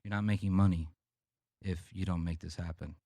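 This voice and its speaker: A man's voice: low voice, brisk, no echo, clean studio sound. A man on a podcast telling a profane, rambling story in casual chat. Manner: rambling, profane, animated anecdotes. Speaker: podcast co-host.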